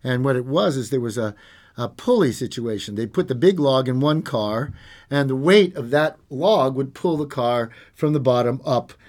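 A man's voice: medium pitch, lively intonation, normal speed, darkish tone. A man hosting a radio show, singing along to his guitar and chatting in a playful, rambling, self-mocking way. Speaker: radio host. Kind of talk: singing with guitar and casual chat. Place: radio studio.

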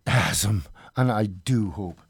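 A man's voice: lowish voice, lively intonation, unhurried, vocal fry, slightly rough. A man hosting a community radio show in a loose, joking, rambling way. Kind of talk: casual on-air radio chat.

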